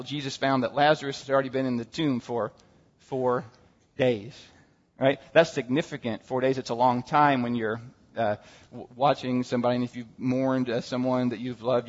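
A man preaching a conversational Easter sermon to his congregation, talking casually and acting out the inner voices of his listeners. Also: fairly high pitch. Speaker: pastor. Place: church sanctuary. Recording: dull sound in a reverberant hall.

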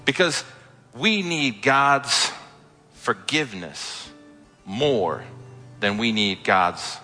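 A man's voice: mid-range voice, lively intonation, extremely slow, sharp tone, faint music behind. A man preaching a sermon as a pastor, retelling a story in a casual, conversational way with asides. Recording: echoey hall.

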